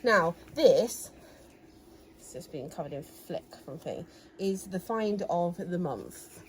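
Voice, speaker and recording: A woman's voice: on the low side, animated, slow pace, slight background noise, low-quality recording. A woman chatting casually in a haul video, enthusiastic as she shows her finds indoors at home. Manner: chatty, enthusiastic, showing items. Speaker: reseller vlogger, co-host.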